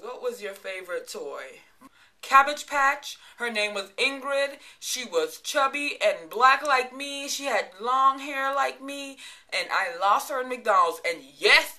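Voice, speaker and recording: A woman's voice: on the high side, sharp tone. A woman in her thirties with a Virgin Islands accent, chatting playfully to camera and laughing often. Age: 30s. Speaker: vlogger. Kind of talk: casual chat to camera.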